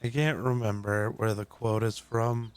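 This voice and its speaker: A man's voice: on the low side, little pitch movement, a little slow, smooth. Joking male gaming streamer. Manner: joking, loud, banters with co-player. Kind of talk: casual gaming stream chat.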